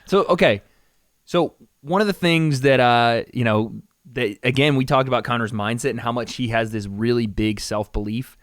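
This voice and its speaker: Animated casual male podcast host. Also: medium pitch, moderate pace, no echo, studio quality. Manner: animated, swears freely, does mocking impressions. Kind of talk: casual chat.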